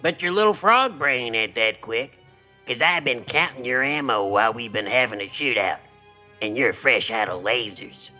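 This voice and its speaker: A man voicing a cocky, boastful male spaceship captain who gloats and shouts, then pouts when he is ordered to bed. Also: mid-range voice, expressive, normal speed, faint music behind. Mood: gloating, shouting.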